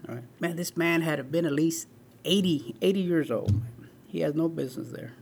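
A man's voice: on the high side, moderate pace, gravelly, a little hiss or hum. A man in his forties, a guest in an interview, telling his life story in an earnest way and often saying "man" and "right". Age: 40s.

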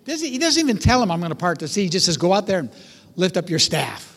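A man preaching a sermon, telling stories with animated delivery and acting out voices. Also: high-pitched, fast talker, husky, in a large hall. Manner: animated storytelling, acts out voices. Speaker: pastor.

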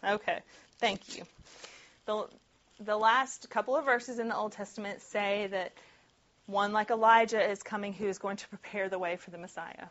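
Woman Bible-study teacher, mid-pitched, chatty with frequent laughs, slightly muffled recording. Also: fairly even intonation, moderate pace, fairly bright tone. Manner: chatty and conversational, often laughing, with many "like" and "right?" asides. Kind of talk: casual Bible teaching to a group.

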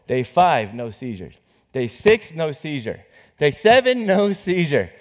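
A man preaching as a pastor, telling a personal story with emotion, moving from hushed words to forceful emphasis. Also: a little high, sing-song, unhurried. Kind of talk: sermon storytelling. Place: church stage. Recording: reverberant hall.

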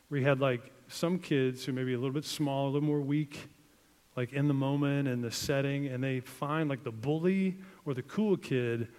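A man preaching in a church hall, his middle-pitched voice carrying a long reverb. He talks to the congregation in a loose, conversational way, building to emphatic peaks and sinking to near-hushed lines. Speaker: pastor. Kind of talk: sermon.

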